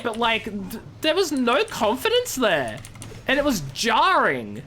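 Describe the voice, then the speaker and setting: A woman's voice: on the high side, wildly swooping pitch, measured pace, bright, forceful tone, a little hiss or hum. A young woman in her twenties, a streamer and law student, chatting animatedly and amused while she plays a game. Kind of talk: casual chat while gaming.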